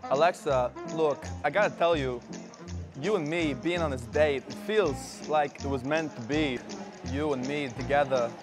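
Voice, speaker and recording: A young man playing an odd, smooth-talking celebrity actor on a blind date, with halting pauses, in a student sketch. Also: a little high, music in the background, voice pushed down, close to an everyday voice. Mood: smarmy. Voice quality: halting, oddly paced delivery.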